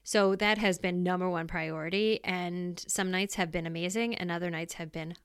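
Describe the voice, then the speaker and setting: A woman's voice: fairly low pitch, fairly even intonation, moderate pace, clean tone, no room sound, clean studio sound. A middle-aged woman hosting a solo podcast, talking candidly and reflectively in a casual, plainspoken way. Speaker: podcast host.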